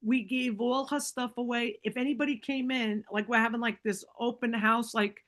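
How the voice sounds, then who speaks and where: Woman podcast guest, fairly high-pitched, animated casual storyteller with a chatty, filler-heavy delivery. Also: moderate pace. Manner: animated, acts out quoted dialogue; fillers like "like" and "right?".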